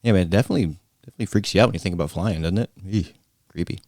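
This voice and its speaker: Deep-voiced male host, relaxed slangy reactions, dry close recording. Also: very fast, dry recording. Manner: laid-back, lots of "man" and "dude". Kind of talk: casual reaction commentary.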